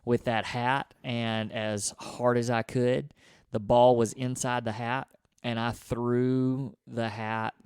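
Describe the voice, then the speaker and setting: A man's voice: medium pitch, level tone, slow, darkish tone, clear, resonant tone, no room sound, studio quality. A man, co-hosting a podcast and telling a childhood story in casual conversation, acting out his own thoughts as he goes. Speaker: podcast co-host.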